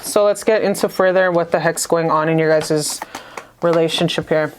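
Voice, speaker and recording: A woman's voice: low-pitched, fairly even intonation, normal speed, slight background noise. A woman giving a casual tarot reading to camera, gushing and affectionate, full of profanity and slang. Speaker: tarot reader.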